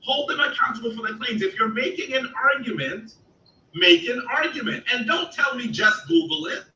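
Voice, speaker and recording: A man's voice: extremely high pitch, animated, normal speed, sharp tone, slight background noise. Insistent man demanding evidence. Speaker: host of a debate show. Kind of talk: heated live debate. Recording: echoey, distant online call audio.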